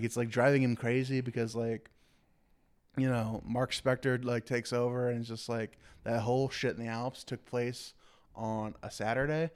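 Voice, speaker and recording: A man's voice: medium pitch, a little mellow, clean tone. A man co-hosting a casual podcast, rambling with lots of fillers and acting out scenes in playful quoted voices. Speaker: podcast co-host. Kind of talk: casual chat.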